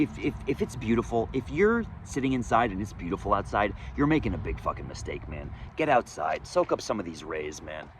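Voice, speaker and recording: A man telling his own story in a candid, profane monologue outdoors, swinging between loud emphasis and low muttering. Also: slight background noise. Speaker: vlogger sharing his recovery story. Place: outdoors, sunny day.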